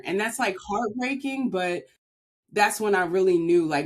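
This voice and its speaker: Earnest woman, slightly low voice. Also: normal speed. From Maryland, USA. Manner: earnest, heartfelt, frequent "like" fillers. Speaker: podcast guest. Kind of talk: candid personal storytelling.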